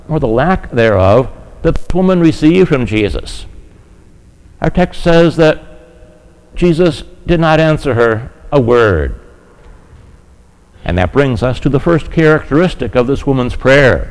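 A man's voice: on the high side, animated, a little slow, darkish tone, smooth, low-quality recording. Earnest male preacher. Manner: earnest, asks the listeners rhetorical questions. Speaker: pastor. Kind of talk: sermon.

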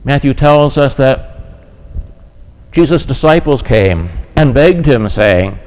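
A male pastor delivers a sermon in an earnest, direct manner. His voice sits at an ordinary middle pitch, and he keeps turning to his listeners with rhetorical questions. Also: lively intonation, slow, a little mellow, rough recording.

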